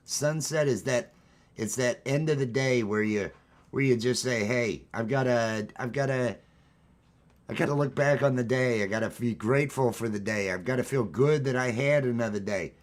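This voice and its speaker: A man hosting a casual livestream from home, upbeat and rambling as he greets his viewers. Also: medium pitch. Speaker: livestream host. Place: at home, green screen.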